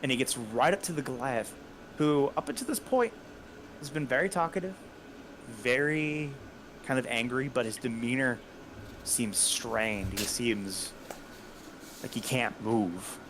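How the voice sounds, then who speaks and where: A man's voice: mid-range voice, lively intonation, a little slow, long pauses, background noise. A man narrating a tabletop game as game master, describing the action in a loose, chuckling way.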